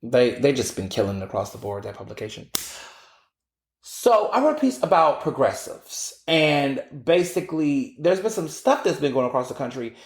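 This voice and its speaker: A man's voice: medium pitch, very animated, normal speed. A man hosting a podcast, giving blunt, profane commentary with sassy asides to his listeners. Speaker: podcast host. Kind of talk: casual opinionated commentary. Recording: roomy echo.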